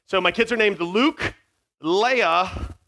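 A man's voice: high voice, a little fast, pushed and bright. A man in his forties with no regional accent, joking with middle schoolers at a youth camp through a headset mic, self-mocking and jumping from tangent to tangent. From Virginia. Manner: scattered, self-mocking, jumps between tangents.

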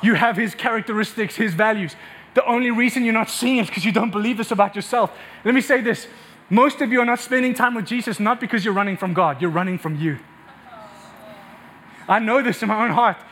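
Male pastor, very high voice, fervent repetitive sermon delivery, swells to near-shouting. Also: a little fast.

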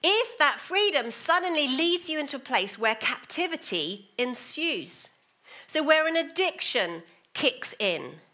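A woman preaching a sermon, moving between hushed, slow asides and lively, emphatic bursts. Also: sits high.

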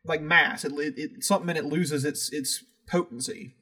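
A man co-hosting a podcast, chatting casually with animated, profane, jokey storytelling. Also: on the high side, normal speed, husky. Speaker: podcast co-host. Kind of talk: casual chat.

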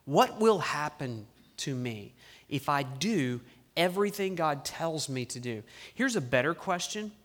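A man preaching a sermon as pastor, reading scripture aloud with emphasis and slowing down on key phrases, with playful asides. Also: high-pitched, fairly bright tone. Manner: reads scripture aloud with the congregation.

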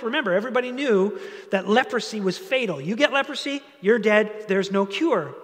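A man's voice: high voice, a little fast, long reverb tail. A man preaching a sermon in a conversational, storytelling way. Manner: conversational, animated storytelling with asides. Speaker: pastor.

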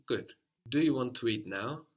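A man's voice: mid-range voice, expressive, moderate pace, breathy edge. A man teaching a language lesson, patiently explaining step by step and modeling phrases for a learner to repeat.

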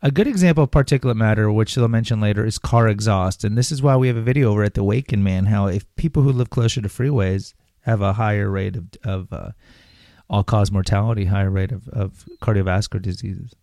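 A podcast host with a low, gravelly voice. He reads his material aloud, then wanders off into sarcastic tangents. His tone is dark and mellow, and the sound is dry. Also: fast, dry recording. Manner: rambling, sarcastic asides, reads then riffs. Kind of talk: casual commentary on health topics.

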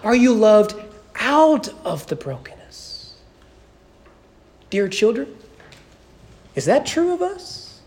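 A man preaching a sermon in a church, conversational and full of rhetorical questions, slowing to a hush at key points. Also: very high-pitched, wildly swooping pitch. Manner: conversational, keeps asking "right?". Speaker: pastor.

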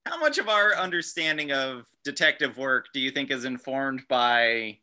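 A young man chats casually as a podcast co-host with a very bright, sharp tone. He drops wry, quick remarks, and his voice moves lively up and down. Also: mid-range voice. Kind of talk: casual chat.

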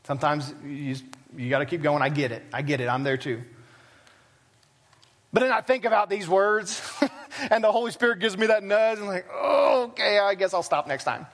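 A man's voice: high voice, steady tone, moderate pace, pauses often, fairly bright tone. A man preaching a sermon as pastor, talking plainly and conversationally with self-deprecating asides. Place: church sanctuary.

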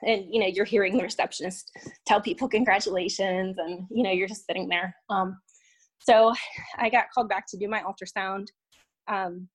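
Young woman telling a personal story, halting. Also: medium pitch. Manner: halting, full of "um" and "like", restarts. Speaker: podcast guest; violin teacher. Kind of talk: personal story told in casual talk.

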